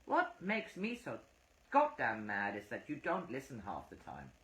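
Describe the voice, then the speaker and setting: A woman's voice: a bass voice, huge pitch swings, measured pace, a bit bright, reverberant, heavily acted, poor audio. A woman voicing an outspoken, emotional female psychic medium who talks heatedly and defensively.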